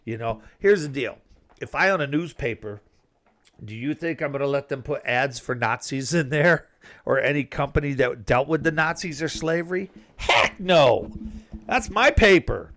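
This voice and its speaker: A man with a somewhat high speaking voice delivers an indignant, heated opinion monologue. His talk is loose and conversational, peppered with "man" and "you know". He sounds fired up throughout. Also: lively intonation, moderate pace, fairly bright tone. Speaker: commentator.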